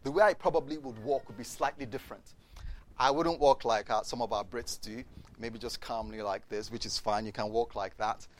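A man preaching a sermon, telling the story in a lively way, asking the congregation questions and acting out the voices of the people in it. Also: mid-range voice, moderate pace. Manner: addresses the congregation directly with questions.

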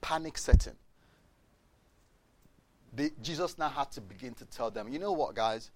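A man preaching a sermon, telling the story in a lively way, asking the congregation questions and acting out the voices of the people in it. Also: mid-range voice, normal speed. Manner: addresses the congregation directly with questions.

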